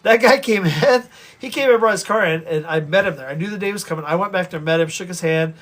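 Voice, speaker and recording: A man with a high, light voice rattles off a story from his past to his viewers at a quick clip. He is animated and rambling, doubling back to restart his sentences as he goes. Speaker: vlogger telling stories.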